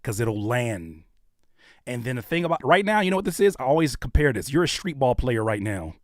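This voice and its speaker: An American man giving live reactions to viewer music, joking and blunt, swinging between shouts and low mutters. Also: big pitch swings, brisk, no echo, studio quality. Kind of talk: animated live reaction commentary.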